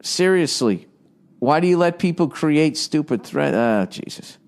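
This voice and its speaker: A man in his forties from the United States talks through a casual comedy podcast. His voice sits a little high for a man. He rambles, swears and sounds exasperated as he riffs. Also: expressive, unhurried, creaky, darkish tone. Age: 40s. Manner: rambling, profane and exasperated, riffing off forum posts. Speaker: podcast host.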